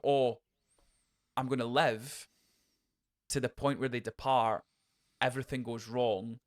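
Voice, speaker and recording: A young man co-hosting a podcast, chatting excitedly about a film and acting out quotes in voices. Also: medium pitch. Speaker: podcast co-host. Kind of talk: casual film review chat.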